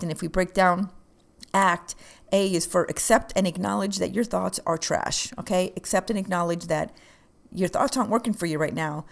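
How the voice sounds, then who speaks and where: A woman's voice: fairly low pitch, fairly even intonation, normal speed, vocal fry. A woman co-hosting a podcast, talking in an earnest, encouraging coaching way. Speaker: podcast co-host. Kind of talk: casual chat.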